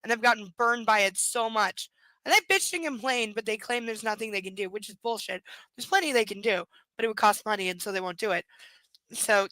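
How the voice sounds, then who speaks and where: A woman reading a book aloud live from home at night and breaking off into animated, exclaiming commentary with casual swearing. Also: mid-range voice, no echo.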